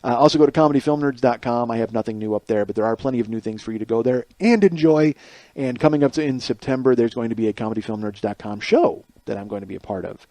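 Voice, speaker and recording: A man's voice: medium pitch, fast, mellow, no echo. A man hosting a podcast, talking in a casual, rambling, self-deprecating solo monologue into a close mic. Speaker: podcast host and stand-up comedian.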